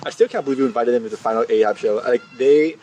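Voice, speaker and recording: A man co-hosting a podcast, chatting casually with blunt, quick reactions. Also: medium pitch, mellow, lo-fi sound, a little hiss or hum. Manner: blunt, reactive, laughs along. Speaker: podcast co-host. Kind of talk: casual chat.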